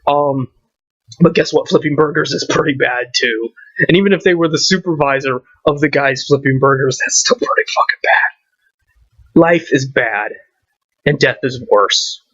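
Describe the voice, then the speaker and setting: A man's voice: mid-range voice, moderate pace, a bit bright, no echo. A man ranting and swearing to camera, firing off rhetorical questions. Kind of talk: profane rant to camera. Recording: dull lo-fi recording.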